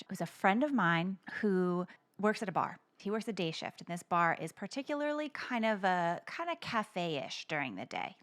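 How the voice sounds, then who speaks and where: A woman co-hosting a podcast, recounting a story in a casual, heartfelt way and often dropping to a near whisper. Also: fairly low pitch. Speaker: podcast co-host, poet.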